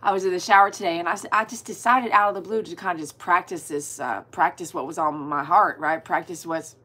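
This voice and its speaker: Chatty woman, bright voice. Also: fairly low pitch, brisk, husky. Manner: chatty, laughs often, greets viewers by name. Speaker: dog groomer hosting a livestream. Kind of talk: casual livestream chat.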